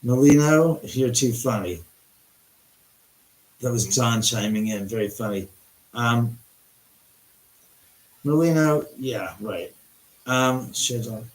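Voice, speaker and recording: A man hosting a livestream from his house, rambling and excitable with many restarts and some swearing. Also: mid-range voice, slow, pauses often, echoey room, poor audio. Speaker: livestream host. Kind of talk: live-stream storytelling.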